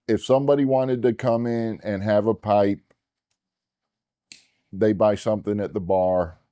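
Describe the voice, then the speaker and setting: A man who owns a cigar lounge, giving measured, deliberate answers in a casual interview. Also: medium pitch, mellow, dry recording, studio quality.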